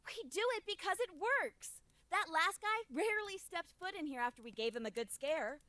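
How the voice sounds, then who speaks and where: A woman's voice: very high-pitched, animated, moderate pace, bright, forceful tone, no room sound, exaggerated voice. A woman voicing a grumpy, dismissive female ghost who speaks curtly and snippily. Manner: curt and snippy.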